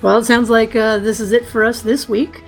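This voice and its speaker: A woman co-hosting a gaming podcast in casual chat, speaking haltingly with many pauses. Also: fairly high pitch, level tone, soft background music. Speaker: podcast co-host.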